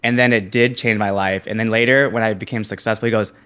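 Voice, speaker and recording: A young man in his twenties, a podcast guest, telling his story in a casual, animated way, laughing often and acting out other people's lines. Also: on the low side, fast, clean tone. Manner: animated, laughs often, acts out quoted voices.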